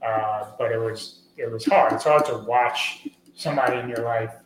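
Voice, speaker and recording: A man talking as a podcast guest, earnest and rambling, with many fillers, getting lively when he tells stories. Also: medium pitch, moderate pace. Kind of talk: conversational interview. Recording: echoey room with faint noise.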